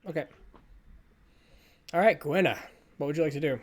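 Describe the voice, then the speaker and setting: A man running a tabletop game as game master over voice chat, narrating the action and making rulings with stops and restarts. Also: on the high side. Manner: halting, restarts while counting and ruling.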